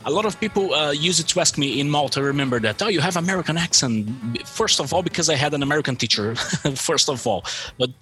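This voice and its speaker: Brazilian man, Brazilian accent, bright tone, chatty and animated, faint music behind. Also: fairly high pitch, fast talker. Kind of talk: casual conversation.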